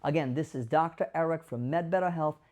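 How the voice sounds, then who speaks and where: In a brisk voice on the high side with a darkish tone, the man presents his caregiver advice show as a doctor, speaking emphatically to camera and now and then acting out example lines.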